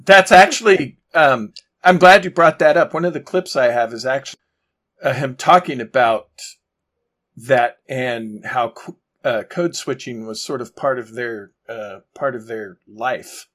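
Bright-voiced man co-hosting a podcast. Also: medium pitch, a little slow. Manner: easygoing, fills with ums and uhs. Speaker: podcast co-host. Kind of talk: casual chat.

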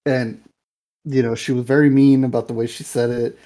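Rambling young man with a mellow voice. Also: medium pitch, normal speed. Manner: rambling, filler-heavy, animated retelling. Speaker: podcast co-host. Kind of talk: casual movie review chat.

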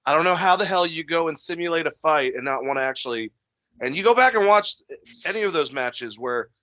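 Bright-toned man, rambling profane podcast banter. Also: fairly high pitch, lively intonation, a little fast, dry recording. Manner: loose, profane, rambling asides. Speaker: podcast co-host. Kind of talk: casual wrestling chat. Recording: dull lo-fi dry recording.

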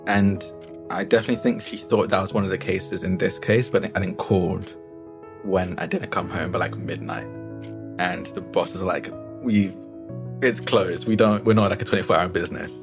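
A man's voice: sits low, steady tone, moderate pace, creaky, music in the background. A man playing his character in a tabletop game, rambling with lots of fillers. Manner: rambling with many fillers and likes. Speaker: player.

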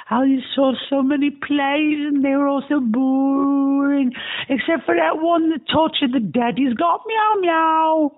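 A man leaving a drunken phone message to himself in a put-on British accent, loud and rambling. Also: high-pitched, sing-song, measured pace, gravelly, husky, pitched above the performer's own voice, exaggerated voice. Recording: tinny phone voicemail.

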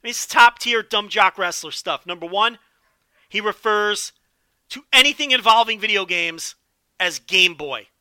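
A man's voice: sits high, expressive, measured pace, bright, forceful tone, clean tone, no echo. A man giving a casual wrestling recap, enthusiastic and profane, riffing with jokes. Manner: enthusiastic, profane, joking riffs. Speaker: wrestling show commentator.

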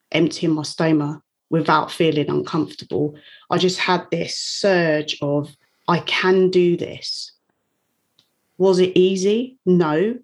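Her voice is on the low side with a darkish tone. She's a guest on an interview, sharing a personal story openly and with emotion, and she laughs frequently.

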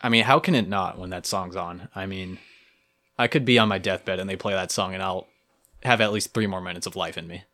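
A man's voice: low-pitched, a little fast, bright, forceful tone. A young man co-hosting a podcast, telling a story vividly and playfully in casual chat. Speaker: podcast co-host.

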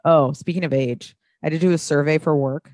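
Thirties woman, low pitch, blunt casual co-host, dry room. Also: steady tone, a little fast, darkish tone, no echo. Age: 30s. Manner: blunt, swears freely. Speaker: podcast co-host. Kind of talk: casual chat.

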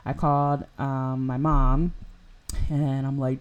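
A woman's voice: very deep voice, flat delivery, slow pace, darkish tone, smooth. A young woman hosting a podcast, telling a personal story in a casual, rambling way full of "like" and "you know". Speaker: podcast host.

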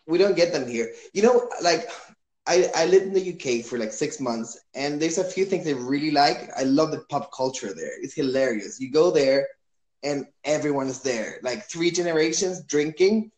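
An easygoing man from Chile hosts a relaxed chat, asking questions and laughing often. His voice sits a little high for a man and rings in an echoey room. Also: normal speed. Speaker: podcast host. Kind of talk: casual chat.

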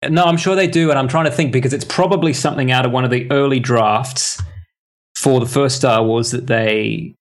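A man's voice: mid-range voice, brisk. A man taking part in a laid-back podcast trivia game. He rambles and thinks aloud on the way to his answers, with a wry, joking edge. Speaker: quiz contestant. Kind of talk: casual podcast quiz banter.

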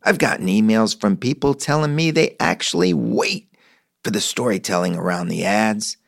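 A man's voice: on the low side, normal speed, gravelly, no room sound, studio quality. A middle-aged man hosting a podcast, telling stories and reading sponsor ads with enthusiasm. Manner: enthusiastic storyteller. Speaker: podcast host. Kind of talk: conversational host reading ads.

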